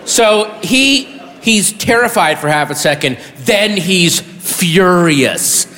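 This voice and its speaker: A man doing a stand-up comedy routine, animated and bursting into high shouted punchlines. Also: slow pace, in a large hall.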